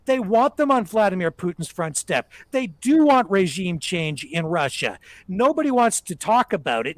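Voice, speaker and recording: Man, high voice, emphatic ranting host, repeats points, dry sound. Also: no room sound. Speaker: political commentary host. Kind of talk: live political commentary.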